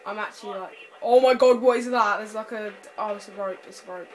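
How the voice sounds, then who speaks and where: This time the voice is mid-pitched, brisk and a little mellow, with fairly even intonation. The young woman is still playing a horror game with friends and chatting casually, frightened and jumpy, breaking into screams and nervous laughter in a noisy home recording.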